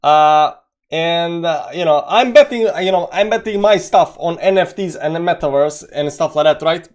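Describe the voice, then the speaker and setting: A young man hosting a daily live-streamed market show, chatting casually, greeting viewers by name and filling pauses with "you know". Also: a little high. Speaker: crypto market show host.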